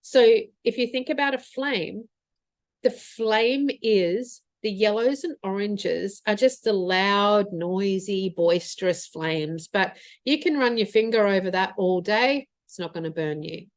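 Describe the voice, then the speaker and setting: A woman mentor giving an earnest, expressive motivational talk on spiritual practice for business, thinking aloud with fillers. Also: mid-range voice, measured pace, no room sound, clean studio sound.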